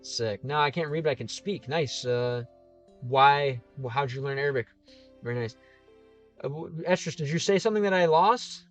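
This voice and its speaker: A man's voice: a little high, moderate pace, soft background music. A man casually chatting on a livestream, reading out viewer comments and answering them with lots of fillers and restarts. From Ohio. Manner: chatty, thinks aloud with many fillers and restarts. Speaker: streamer.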